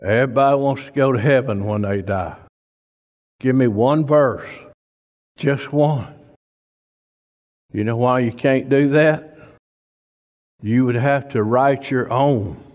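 A man preaching a sermon in a folksy, emphatic way, building at times to near-shouts. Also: mid-range voice, takes it slowly, pauses often, muffled recording. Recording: long hall reverb.

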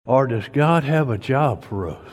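A preacher delivering a folksy sermon, emphatic and slow-paced, his voice pushing up toward near-shouts. He sounds like he's in a church, with a long reverb hanging on every word. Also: mid-range voice, expressive.

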